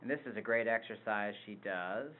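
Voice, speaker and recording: A man's voice: fairly low pitch, normal speed. A man co-presenting a choir webinar, explaining vocal exercises with some fillers. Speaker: choir director. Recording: phone-like narrow band.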